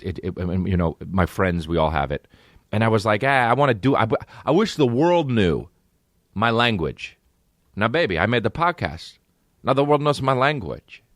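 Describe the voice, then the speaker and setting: Recorded at studio quality with no room sound, this mid-range male voice belongs to a podcast host. His monologue is rambling and profane, and he keeps slipping into mocking impressions.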